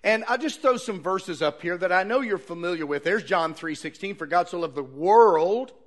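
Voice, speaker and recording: A man's voice: high-pitched, lively intonation, moderate pace. A man preaching a sermon, reading Bible verses aloud and arguing his point earnestly with rhetorical questions.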